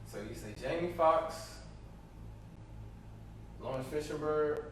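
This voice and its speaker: A man co-hosting a podcast in casual chat, getting loud and excited when he argues a point. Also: fairly high pitch, slow. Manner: animated, gets loud and excited when arguing. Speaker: podcast co-host. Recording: echoey room, mic far off, faint noise.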